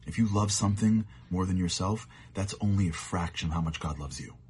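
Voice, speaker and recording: A man giving a short, earnest sermon as a storyteller, sometimes dropping to hushed tones for emphasis. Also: deep voice, a little fast, slight background noise.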